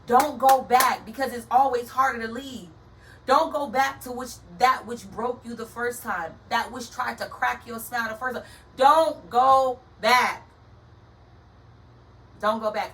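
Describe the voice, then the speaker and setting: A woman's voice: mid-range voice, bright, forceful tone, far from the mic, slight background noise, low-quality recording. A woman giving an earnest, emphatic faith-based motivational talk, speaking straight to her listeners.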